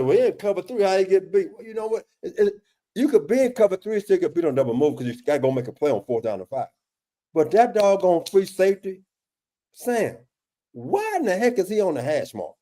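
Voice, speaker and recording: A man's voice: high voice, very animated, brisk, dark tone. A man analyzing game film in a casual talk, emphatic and exasperated, with repeated words and restarts as he questions a play. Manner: emphatic, exasperated questioning, often addresses co-host by name. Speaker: football defensive analyst. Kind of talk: casual film-breakdown discussion.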